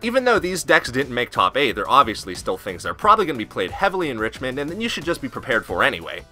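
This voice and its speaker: Man, casual commentary host, joking, lively pitch, very bright tone. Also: quick pace, faint music behind. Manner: joking, swearing, goofy asides.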